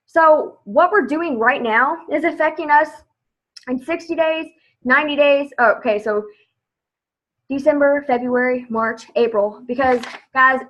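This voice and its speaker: Woman, team leader, chatty motivational live video; sharp, bright tone, lo-fi sound. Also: high voice, normal speed. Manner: chatty, upbeat, says "like" a lot. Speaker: direct sales team leader.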